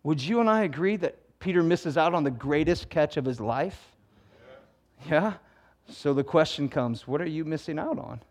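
A man's voice: fairly high pitch, animated, moderate pace. A man preaching a sermon in a conversational, emphatic way, full of rhetorical questions. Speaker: pastor.

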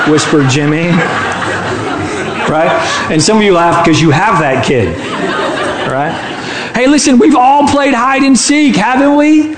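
A man's voice: high-pitched, unhurried, long pauses, roomy sound, noisy background. A man from Michigan preaching a sermon in a church sanctuary, playful and chatty, teasing the congregation. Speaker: pastor.

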